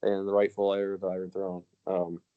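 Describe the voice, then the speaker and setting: A man's voice: low-pitched, monotone, a little fast, narrow, tinny audio. Man ranting, profane podcast co-host. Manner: ranting, profane, laughs often. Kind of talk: casual podcast chat.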